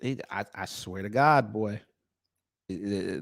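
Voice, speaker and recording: A man's voice: fairly low pitch, takes it slowly, vocal fry, no echo. A man from the United States giving a reaction commentary, incredulous and mocking as he talks. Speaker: YouTube commentator.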